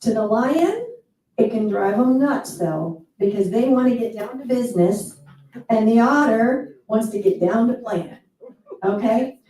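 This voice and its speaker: An enthusiastic woman speaker gives a playful motivational talk, her voice fairly high yet mellow. She stands back from the microphone, so her words ring through a very echoey event hall. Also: animated, unhurried, far from the mic. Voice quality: enthusiastic, playful, with quoted asides.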